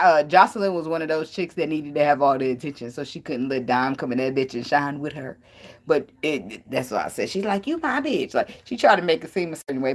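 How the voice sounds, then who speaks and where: A young woman reading tarot and giving blunt relationship advice in a casual, profane way, laughing often and wandering off on tangents. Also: low-pitched. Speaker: tarot reader. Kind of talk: casual spiritual advice talk.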